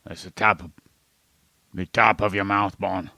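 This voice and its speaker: Male podcast co-host, deadpan and mock-scientific, slow, gravelly delivery. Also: deep voice, no echo. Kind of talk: casual comedic podcast banter.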